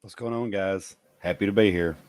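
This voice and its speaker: A man's voice: lowish voice, steady tone, moderate pace, darkish tone, no echo. A laid-back man from Alabama chatting as a livestream guest. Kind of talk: casual livestream chat.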